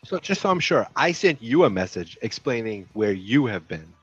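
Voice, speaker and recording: A man co-hosting a comedy podcast, tossing in dry, deadpan quips. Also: mid-range voice, moderate pace, husky, dry recording. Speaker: podcast co-host. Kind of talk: casual comedic chat. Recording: dull lo-fi dry mic.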